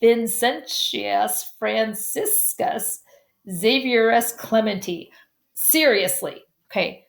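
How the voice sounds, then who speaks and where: A woman's voice: fairly high pitch, takes it slowly, creaky. Woman reading a story, tripping on names. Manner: stumbles on hard names, apologizes and adds asides. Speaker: audiobook reader. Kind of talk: amateur first-person story reading.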